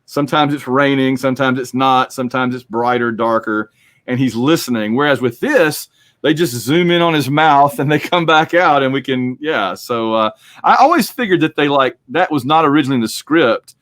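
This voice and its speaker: A man's voice: mid-range voice, moderate pace, a bit bright, no room sound. A man hosting a podcast, chatting casually and rambling through a movie discussion. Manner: rambling, chatty, acts out quotes. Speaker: podcast host.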